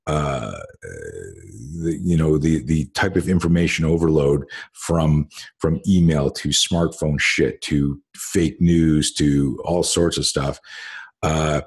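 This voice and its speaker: A man's voice: extremely low pitch, steady tone, takes it slowly, husky. A middle-aged man hosting a casual conversation, telling rambling stories full of fillers and restarts and swearing casually. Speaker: host.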